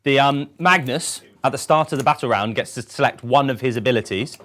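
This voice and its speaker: A man with a middle-pitched voice who walks through his options in a tabletop game. He sounds easygoing and makes the occasional dry joke. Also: brisk. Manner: relaxed, dry quips. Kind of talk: casual chat explaining game rules.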